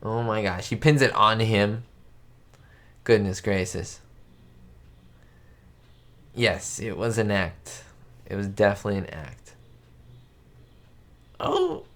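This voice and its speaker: A man's voice: on the low side, slow pace, pauses often, fairly bright tone. A man hosting a live stream, reacting to an old comedy with frequent laughter and exclamations and talking straight to his viewers. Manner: giddy, laughs often, exclamatory; chats directly to viewers. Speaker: channel host.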